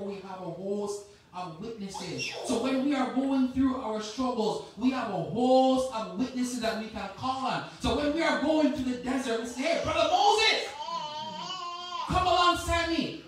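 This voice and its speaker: Lady preacher in a church, swings loud to quiet, really echoey and kinda far from the mic. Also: a little high, normal speed, a little hiss or hum. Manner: impassioned, swings from loud exhortation to quiet reflection. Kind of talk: sermon. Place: church sanctuary.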